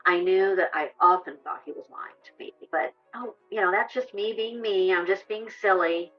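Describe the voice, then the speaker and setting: A woman's voice: medium pitch, normal speed, dull audio, faint music behind. A woman who survived abuse, speaking earnestly and hesitantly with many fillers in a documentary interview. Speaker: abuse survivor sharing her story.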